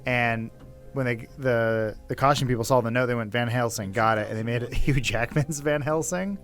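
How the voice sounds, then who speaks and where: Man, co-host, dry laid-back humor, mid pitch, faint music bed. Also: moderate pace, fairly bright tone. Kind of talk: casual chat.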